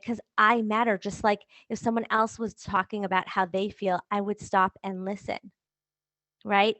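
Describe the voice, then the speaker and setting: Woman coach, mid pitch, chatty and asks questions, dry close recording. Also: no room sound. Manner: warm conversational, rhetorical questions, laughs lightly. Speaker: coach and podcast host. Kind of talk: motivational talk to listeners.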